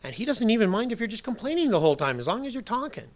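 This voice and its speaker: A man preaching a sermon as pastor, emphatic, moving from soft asides to loud declarations. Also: very high-pitched, big pitch swings, racing.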